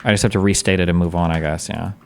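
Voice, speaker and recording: A man's voice: deep voice, fairly even intonation, racing, creaky, a little mellow, slight background noise. A man casually commenting on a debate during a live stream, blunt, profane and thinking aloud in long rambles.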